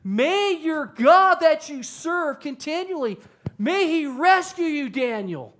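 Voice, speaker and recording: A man voicing an ancient king who yells out in anguish. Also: very high voice, lively intonation, slow pace, voice pushed up, exaggerated voice. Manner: yelling, straining.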